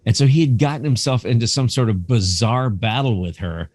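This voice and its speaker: A man in his fifties, a cinematographer and museum curator, chatting as a podcast guest and telling animated stories. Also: mid-range voice, brisk. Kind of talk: casual anecdotal storytelling.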